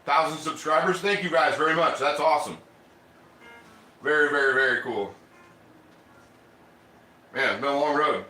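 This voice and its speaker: A man's voice: a little high, normal speed, pauses often, pushed and bright, echoey room, soft background music. A man hosting a casual cooking livestream, chatting loosely and eating as he talks. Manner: chatty, rambling, eats while talking.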